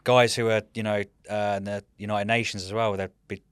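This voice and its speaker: A man in his thirties, a military veteran guest, telling rambling, animated stories in casual chat and often saying "mate". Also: fairly low pitch, brisk, clean tone. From United Kingdom.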